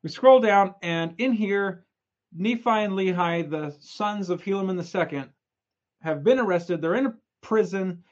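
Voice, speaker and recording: A young man giving a casual, energetic scripture lesson, retelling stories in a chatty, playful way. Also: high voice, measured pace, lo-fi sound. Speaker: scripture study presenter.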